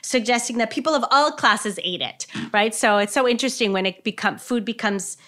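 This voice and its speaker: Podcast co-host, female, bright and somewhat high voice, casual explainer. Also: brisk. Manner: explanatory, uses many fillers. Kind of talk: casual chat.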